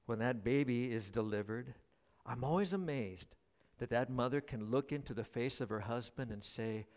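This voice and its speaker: A guest pastor, middle-aged with a mid-range voice, delivers a sermon at church, telling stories with animation and trading jokes with the congregation.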